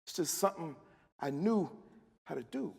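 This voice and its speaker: A man's voice: fairly high pitch, expressive, moderate pace, gravelly, slightly rough. A man, an author, giving a live, rhythmic first-person reading of his fiction in a large festival hall. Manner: rhythmic, storytelling delivery. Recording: long hall reverb.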